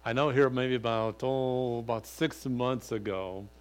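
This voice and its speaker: An older grandfather and pastor preaching, telling a rambling personal story full of "you know" and getting animated when he retells what was said. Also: mid-range voice, unhurried, clean tone. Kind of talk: sermon with folksy personal story.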